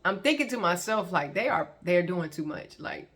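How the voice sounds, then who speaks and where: A woman's voice: lowish voice, expressive, moderate pace, a bit bright. A woman casually telling her own story to viewers in a chatty, colloquial way, often breaking into laughter. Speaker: vlogger sharing her testimony.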